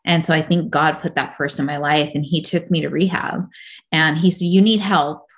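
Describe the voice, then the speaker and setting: A woman's voice: low voice, little pitch movement, fairly quick, a bit bright. A woman guest on a podcast, telling her personal story candidly in a casual, rambling way full of "like". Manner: casual, rambling, heavy use of "like".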